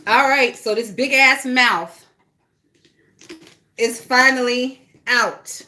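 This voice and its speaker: A woman's voice: on the high side, slow, bright, forceful tone. A woman chatting casually and gossiping bluntly, with a lot of swearing, while she works on a craft project. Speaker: vlogger.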